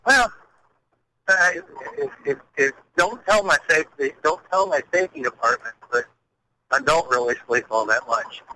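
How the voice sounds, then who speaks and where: A truck driver calls in to a talk show. He speaks in a very bright, sharp-edged voice, laid-back and dry, pausing on fillers. There is faint noise behind him. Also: a little high, animated, poor audio. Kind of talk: casual phone-in chat.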